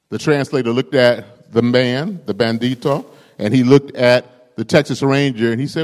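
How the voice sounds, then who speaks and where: A man's voice: medium pitch, normal speed, big-room sound. A male pastor preaching a rousing sermon, calling out to the congregation for responses.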